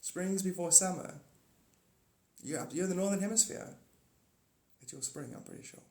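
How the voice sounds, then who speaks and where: A man's voice: high voice, moderate pace. Rambling man livestreaming in an echoey room. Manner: rambling, animated, spiritual talk. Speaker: livestream host. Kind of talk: casual livestream chat reading comments. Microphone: phone.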